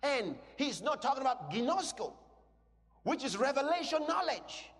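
Male preacher, high and lively voice, emphatic sermon with shouted peaks, long hall reverb. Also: normal speed. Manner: emphatic, swings from quiet teaching to shouted declarations; asks the congregation questions.

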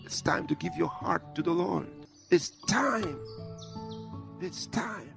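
A man preaching a sermon, moving from quiet storytelling to shouted exhortation. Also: high-pitched, animated, slow, vocal fry, in a large hall, music in the background.

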